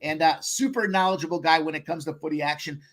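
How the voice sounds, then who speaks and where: A man hosting a sports betting show, talking in an energetic, slangy hype style. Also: a little high, fast talker. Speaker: host.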